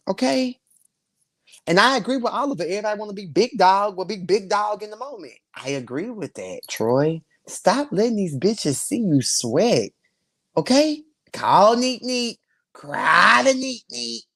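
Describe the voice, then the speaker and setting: A man hosting a live stream, reviewing a reality show in sassy slang. He talks casually to his viewers and laughs often. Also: gravelly. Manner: sassy, slangy and animated, swinging between loud bursts and low asides; laughs often while talking.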